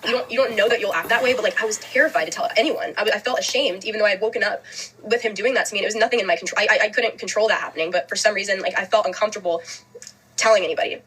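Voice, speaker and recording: A young woman, a guest in an interview, telling a personal story in a fast, halting way full of "like" fillers. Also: medium pitch, fairly bright tone, rough recording. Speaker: podcast guest.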